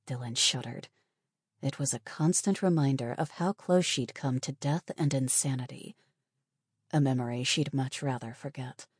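A woman reads a novel aloud in a measured, steady way. Her voice is low and husky, and the recording is dry and close with no room sound. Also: no room sound. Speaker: audiobook narrator. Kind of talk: scripted narration.

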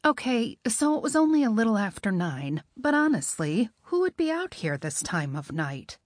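A woman reading a first-person novel in a wry, expressive way. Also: on the high side, moderate pace, no echo, clean studio sound. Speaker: audiobook narrator.

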